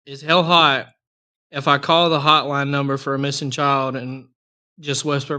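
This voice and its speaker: Bright-voiced joking man. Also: medium pitch, little pitch movement, normal speed, clear, resonant tone. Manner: joking, teasing. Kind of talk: casual podcast chat.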